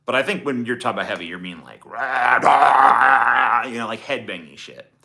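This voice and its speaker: A man's voice: on the low side, very animated, quick pace, bright, forceful tone. A man streaming live, chatting in a profane, sarcastic, rambling way as he answers his chat. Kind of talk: casual livestream chat.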